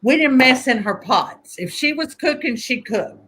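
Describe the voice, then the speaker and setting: A woman telling family stories in a casual conversation, animated and laughing often as she acts out voices. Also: high-pitched, a little slow, breathy edge. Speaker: guest conjure teacher.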